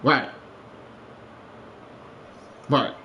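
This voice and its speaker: A man's voice: very slow, pushed and bright, slight background noise. A man streaming a game live, ranting with passion, repeating himself and swearing. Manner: impassioned, repetitive, swears, rising to urgent.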